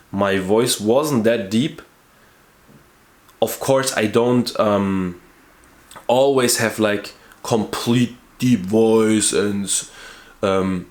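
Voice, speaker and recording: Slow earnest man in a roomy echo. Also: fairly low pitch. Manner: earnest and emphatic, repeats key words; searches for words with restarts. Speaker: YouTuber. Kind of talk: talking-to-camera monologue.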